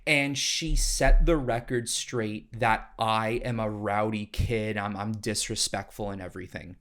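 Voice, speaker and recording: A young man co-hosting a casual podcast, telling high school stories animatedly and swearing freely. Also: a little slow, hardly any pauses, a bit bright. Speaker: podcast co-host. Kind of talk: casual storytelling chat.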